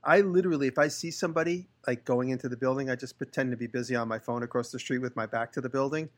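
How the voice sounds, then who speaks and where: Steady in tone and mid-range in pitch, this fast-talking podcast host chats casually about his workshop. A woodworker, he spins long, meandering stories and gives each person he quotes a voice of their own.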